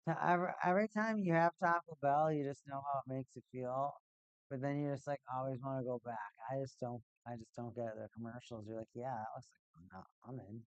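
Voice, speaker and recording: A man's voice: medium pitch, fast, clear, resonant tone, dry recording, muffled recording. Laid-back man with a dry, close voice. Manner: rambling, laid-back, repeats himself. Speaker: live-stream host. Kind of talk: casual hockey watch-party chat. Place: at home, in a cold room.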